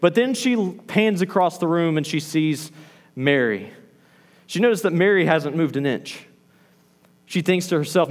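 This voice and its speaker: Animated male pastor preaching in a hall. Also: fairly high pitch, normal speed, pauses often. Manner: animated, acts out quoted lines. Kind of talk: sermon.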